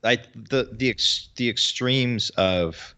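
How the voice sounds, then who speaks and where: A man's voice: mid-range voice, slow pace, bright, forceful tone. A man talking as a guest in a casual podcast chat, explaining his view thoughtfully.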